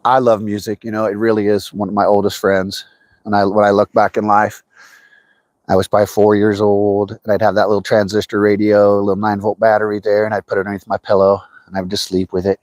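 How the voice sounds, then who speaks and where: A man's voice: on the low side, fast, no room sound. A man hosting a fishing livestream outdoors, chatting casually with viewers and greeting them by name. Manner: chatty, greets viewers by name, excitable when a fish bites. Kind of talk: casual live chat while fishing. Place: outdoors by a trout stream.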